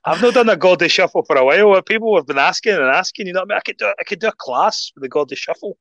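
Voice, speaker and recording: A Scottish man chatting casually as a guest, telling animated stories and laughing often. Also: sits high, racing, no echo, dull audio. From Scotland. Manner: animated storyteller, laughs often, acts out others' voices. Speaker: guest, rugby player. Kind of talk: casual chat.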